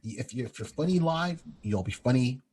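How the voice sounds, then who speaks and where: A middle-aged man co-hosting a podcast, an animated storyteller who acts out quotes in casual chat. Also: medium pitch, normal speed, slightly rough. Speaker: podcast co-host.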